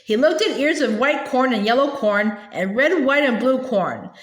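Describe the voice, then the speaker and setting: The echoey, roomy recording captures a woman reading a children's novel in a high, animated voice. She frequently hesitates, drawing out filler sounds and stumbling into restarted words.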